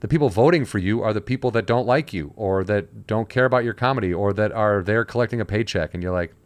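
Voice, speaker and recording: A man's voice: fairly low pitch, quick pace, dry recording. Man telling stories, dry close sound. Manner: storytelling, acting out quoted voices. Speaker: podcast host. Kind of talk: casual podcast chat.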